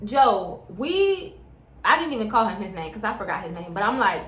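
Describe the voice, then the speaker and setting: Young woman vlogger, higher voice, slangy casual story time, echoey room. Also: animated, a little fast. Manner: chatty, slangy, keeps addressing viewers as y'all.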